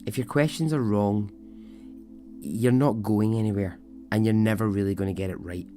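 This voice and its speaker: A man's voice: on the low side, fairly even intonation, normal speed, mellow, faint music behind, close to an everyday voice. A man quoting an earnest, reflective teacher.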